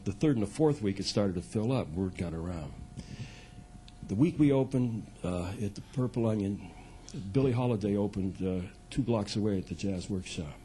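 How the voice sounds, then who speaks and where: A man's voice: mid-range voice, a little mellow. Chatty man in his 60s, storytelling onstage. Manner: loose, chatty, laughing at his own stories. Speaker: folk singer and storyteller. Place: cabaret club stage.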